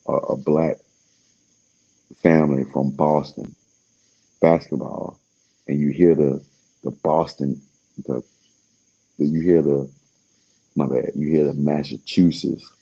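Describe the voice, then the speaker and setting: A man's voice: extremely low pitch, little pitch movement, takes it slowly, gravelly, pauses often, warm tone, slightly rough, highs cut off. A man talking in a casual, rambling monologue, laid-back and slangy, trailing off with fillers as he searches for words.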